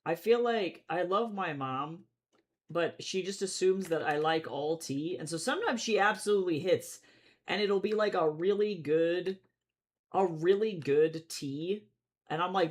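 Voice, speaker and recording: A man in a casual drawing livestream, his voice sitting a touch high. He rambles through chat, swears freely and swings from loud bursts of excitement to low mumbles. Faint keyboard typing sits in the background. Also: unhurried. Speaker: streamer drawing comics.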